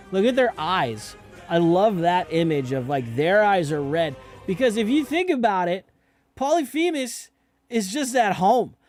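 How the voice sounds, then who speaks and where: A young man with a high, slightly mellow voice hosts a reaction video, chatting casually about a musical. He swears here and there and keeps asking "you know what I mean?"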